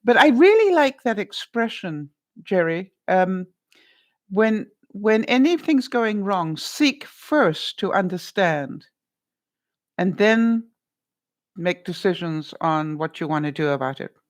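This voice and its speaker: A woman vlogger speaks slowly in a medium-pitched voice full of big swings in pitch, giving advice during a live-stream chat. Her talk rambles with asides, and she addresses viewers as honey and by their names.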